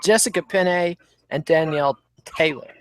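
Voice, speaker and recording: A man hosting a fight podcast with a slightly high voice, recorded close and dry with no room sound. He moves briskly through the fight list. His asides are wry. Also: fairly bright tone, no echo. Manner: runs the card, brisk and wry. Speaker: podcast host. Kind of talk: casual chat.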